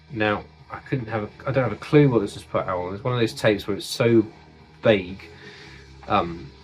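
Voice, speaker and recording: A man from the United Kingdom casually showing off his record collection, enthusiastic and swearing freely. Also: lowish voice. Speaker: music collector vlogger.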